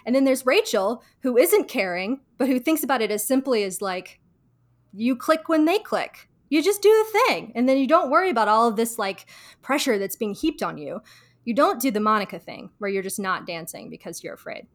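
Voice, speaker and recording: Woman, casual podcast co-host, chatty storyteller, animated quotes. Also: fairly quick. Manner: chatty, lots of "like", acts out quoted lines in higher voices. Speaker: podcast co-host giving advice. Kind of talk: casual chat, retelling a TV episode.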